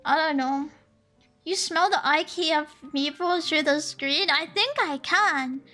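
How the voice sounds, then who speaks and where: A woman's voice: high voice, slow, bright, forceful tone. A woman chatting on a stream in a teasing, joking way, laughing often. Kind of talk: casual stream chat. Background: faint lo-fi music.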